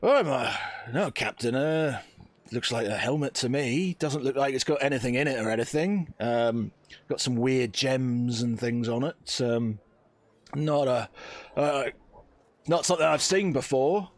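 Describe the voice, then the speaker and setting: A man's voice: mid-range voice, dry recording, close to an everyday voice. A man doing a nervous, deferential soldier. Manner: hesitant, deferential, halting. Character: nervous deferential male soldier, junior officer.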